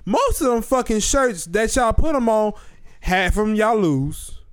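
High-voiced man ranting, dry sound. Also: very animated, unhurried, clear, resonant tone, dry recording. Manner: emphatic, exasperated ranting. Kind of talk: casual group chat.

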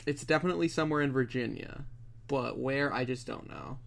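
A man's voice: mid-range voice, fairly quick, vocal fry. A man hosting a casual podcast, joking and rambling. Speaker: podcast host. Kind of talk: casual chat.

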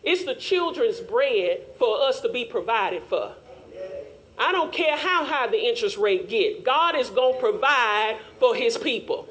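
A woman teaching Sunday school in a fervent, call-and-response preaching manner, rising at times to shouts. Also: on the high side, expressive, measured pace.

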